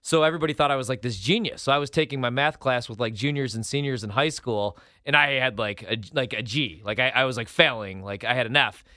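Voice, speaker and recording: A man co-hosting a sports chat show, with a bright, forward tone and a mid-range voice. He talks in a laid-back, chatty way and drifts into personal stories. The recording is dry and close. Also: medium pitch, fast talker, few pauses, no room sound. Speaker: co-host.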